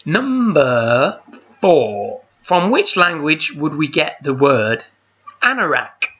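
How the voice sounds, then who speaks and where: Bright-voiced man hosting a quiz. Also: a little high, big pitch swings, unhurried. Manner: chatty, rambling, repeats questions. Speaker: charity quiz host. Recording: dull lo-fi call audio.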